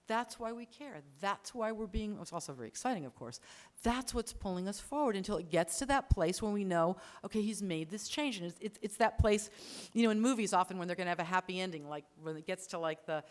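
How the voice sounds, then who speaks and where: Lady giving a storytelling lecture, animated, jumps into quoted lines fast. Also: mid-range voice. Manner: animated, acts out quoted lines, talks in quick bursts. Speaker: writing lecturer. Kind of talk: lively talk to an audience. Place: lecture hall.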